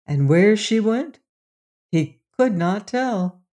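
A storyteller reading a fairy tale aloud in a measured, gently expressive way. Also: mid-range voice. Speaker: narrator.

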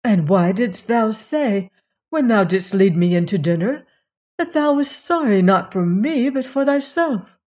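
A woman's voice: mid-range voice, animated, unhurried, voice pushed up. A woman reading as a tender young princess. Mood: playful. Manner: gentle, questioning, archaic speech.

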